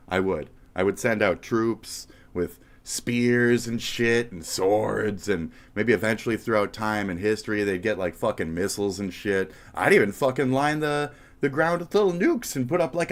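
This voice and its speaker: A man streaming live commentary as a heated, profane, mocking rant. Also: fairly low pitch. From United States.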